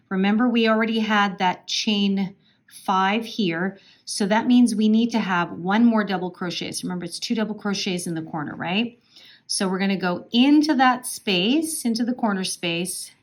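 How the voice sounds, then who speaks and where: A woman teaching a step-by-step crochet tutorial, talking patiently and chattily and often checking in with the viewer. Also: medium pitch. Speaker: crochet instructor.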